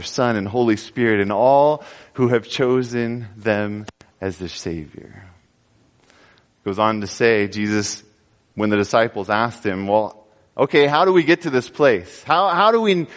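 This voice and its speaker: A man preaching a sermon in an earnest way, building up with emphasis and then dropping soft, sometimes repeating words. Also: medium pitch, long reverb tail. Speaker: pastor.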